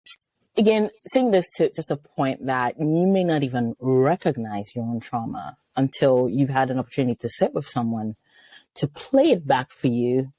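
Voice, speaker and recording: A middle-aged woman from Nigeria, a psychiatrist speaking as a guest in an interview, telling personal stories in a lively way and acting out the voices she quotes. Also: very deep voice, moderate pace, no echo. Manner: animated, storytelling, acts out quoted voices. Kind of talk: conversational interview.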